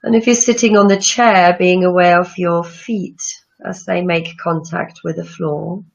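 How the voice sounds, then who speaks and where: A woman yoga teacher leading a guided breathing meditation with slow, soothing instructions. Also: on the low side, fairly even intonation, creaky. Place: room with chairs, not a studio. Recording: dull lo-fi sound.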